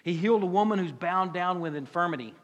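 A man with a Southern US accent preaches in a church, his voice sitting a little high for a man. He talks in a folksy, conversational way and keeps asking the congregation questions. A long reverb from the sanctuary trails behind his words. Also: lively intonation, quick pace. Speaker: pastor. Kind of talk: sermon.

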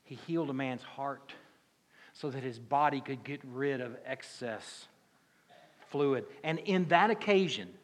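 A man's voice: a little high, big-room sound. A man with a Southern US accent preaching a sermon as pastor, in a conversational, folksy way with many rhetorical questions. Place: church sanctuary.

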